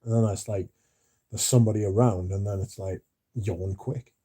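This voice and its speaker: A drowsy man rambling through a late-night livestream chat. His voice is very dark and mellow, with a husky edge, and he mumbles now and then as he reads messages aloud. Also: on the low side, fairly even intonation, normal speed. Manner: drowsy, yawning, mumbles at times. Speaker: livestream host reading chat.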